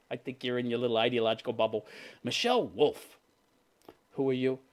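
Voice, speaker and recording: A man's voice: mid-range voice, steady tone, fairly quick. A man in his fifties hosting a commentary show, ranting sarcastically and profanely about posts he reads out, with scoffing chuckles. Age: 50s. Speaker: commentary channel host.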